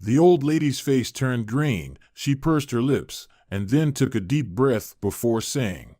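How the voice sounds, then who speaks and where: A man's voice: medium pitch, animated, a little slow, hardly any pauses, mellow, no echo, studio quality. Man narrating a family drama story. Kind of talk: scripted narration.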